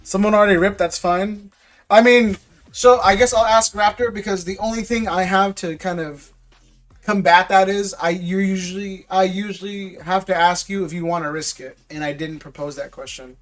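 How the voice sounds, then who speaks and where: High-voiced laid-back guy streaming. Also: fairly even intonation, moderate pace, a bit bright. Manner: laid-back, talks to viewers as bro. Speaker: livestream card seller. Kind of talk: casual live-stream chat.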